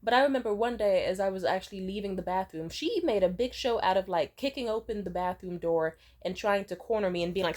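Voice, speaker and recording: A woman's voice: mid-range voice, fast, few pauses, darkish tone. Candid young woman telling a story. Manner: candid, profane, rambling. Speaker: vlogger. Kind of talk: casual storytime.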